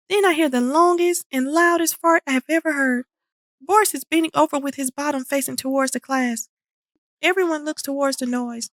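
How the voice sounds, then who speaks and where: A woman reading a children's storybook aloud in an animated, expressive way. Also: high-pitched, no echo, studio quality. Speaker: storybook reader. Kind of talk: children's book read-aloud.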